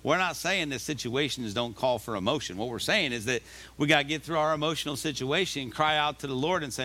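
A male pastor delivering a sermon, reading scripture slowly and urging listeners on with emphatic, repeated exhortations. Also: mid-range voice, sharp tone. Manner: reads scripture aloud slowly.

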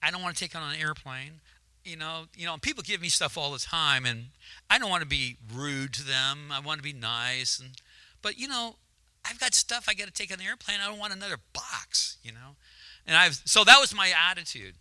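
A man's voice: fairly high pitch, expressive, brisk, bright, forceful tone, dry recording. A man preaching a sermon testimony, turning emotional and building to fervent, rising exclamations. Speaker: guest preacher. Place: church sanctuary. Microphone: handheld mic, at times held away.

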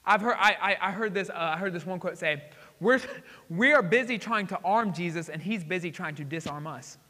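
High, bright-voiced excitable male pastor. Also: brisk. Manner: excitable, swings between loud exclamations and hushed asides. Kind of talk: sermon. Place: church sanctuary. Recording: hall reverb.

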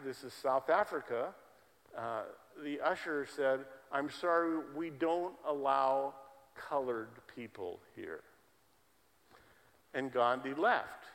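A man delivers a sermon and presses his points by repeating key words. His voice sits at an ordinary pitch for a man. A long reverb from the church hall trails behind him. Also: a bit bright. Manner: emphatic preaching, repeats words for stress. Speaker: pastor.

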